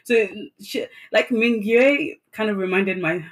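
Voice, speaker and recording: A woman co-hosting a relaxed podcast, recapping a drama she loved. She talks effusively and animatedly, piling up fillers as she tells the story. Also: medium pitch, measured pace. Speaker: podcast co-host. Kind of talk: casual chat reviewing a drama.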